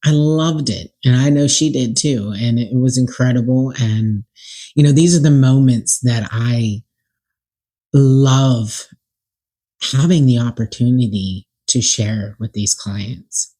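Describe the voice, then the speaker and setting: Podcast host and regression practitioner; casual, excitable storyteller with a breathy, husky tone. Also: medium pitch, takes it slowly. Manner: enthusiastic and excitable, retelling dialogue with "I was like".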